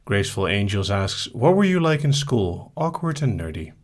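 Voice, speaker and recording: A man hosting a live hypnosis stream, casually reading viewer questions aloud and answering them in a soft, easygoing way. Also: lowish voice, very animated, moderate pace. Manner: soft-spoken, easygoing, reads each question aloud then answers briefly.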